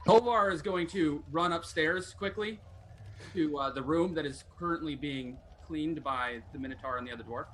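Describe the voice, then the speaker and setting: A man role-playing a dwarf in a tabletop game, speaking in a dry, measured way. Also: a little high, fairly bright tone, a little hiss or hum. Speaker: player.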